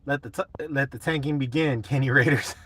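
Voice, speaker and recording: A man's voice: medium pitch, steady tone, brisk, bright, forceful tone, husky. A young man hosting a casual live chat, laid-back and swearing a lot while answering comments.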